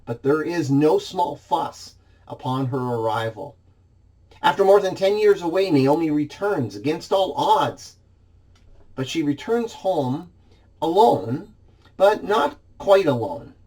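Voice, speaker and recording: A man's voice: a little high, very animated, slow, dark tone. A man preaching a sermon in church, reading scripture expressively and dramatizing the quoted lines.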